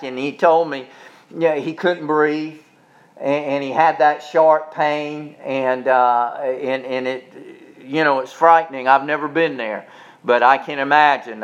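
A man with a fairly high voice preaches a sermon in a plain, folksy way. He often trips over and repeats his words. Then he rises into loud, stretched-out preaching. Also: dull audio. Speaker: pastor.

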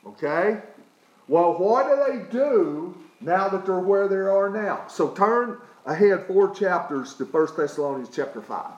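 Folksy preacher, high voice. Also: male voice, animated, unhurried, reverberant, muffled recording. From East Tennessee. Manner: folksy, often asks "okay?". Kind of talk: sermon with a personal story.

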